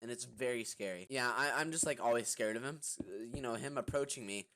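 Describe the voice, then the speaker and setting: A man's voice: mid-range voice, a little fast, pushed and bright. A young man telling a story casually while gaming, rambling with lots of fillers and restarts. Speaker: vlogger. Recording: noisy recording with clicking.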